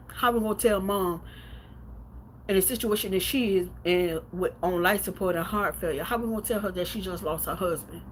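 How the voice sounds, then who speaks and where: A woman's voice: lowish voice, a bit bright, a little hiss or hum. A woman livestreaming from home, telling a painful personal story in a blunt, profane way with lots of repetition, then reading out viewer comments.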